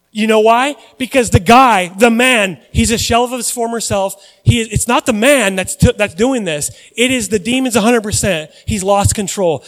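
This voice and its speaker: High-voiced man preaching a sermon. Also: in a large hall. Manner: conversational preaching with dramatic rises and asides. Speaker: pastor. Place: church.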